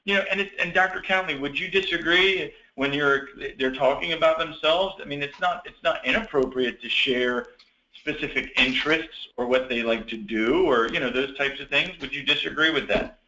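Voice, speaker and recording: A man's voice: fairly high pitch, pushed and bright, reverberant, lo-fi sound. Upbeat man hosting an online meeting. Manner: apologetic, encouraging, halting restarts. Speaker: meeting host for student teachers.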